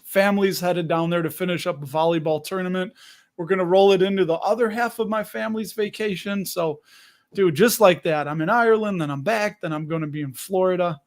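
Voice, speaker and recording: A man hosts a casual livestream, chatty and friendly as he greets viewers by name. His voice sits fairly high, and he sounds a little out of breath. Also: a little fast. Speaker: livestream host.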